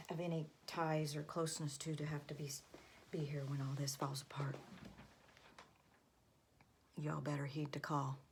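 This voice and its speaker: A woman's voice: low voice, a little mellow, slight background noise. A woman vlogger in her thirties or forties, earnestly delivering a religious warning, often half-whispering.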